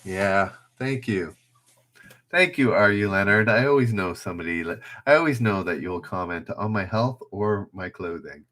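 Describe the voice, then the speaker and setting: A man with a fairly low, animated, fairly bright voice speaking at normal speed hosts a casual trivia livestream. He's chatty and self-deprecating, reading questions aloud and calling out players as he goes.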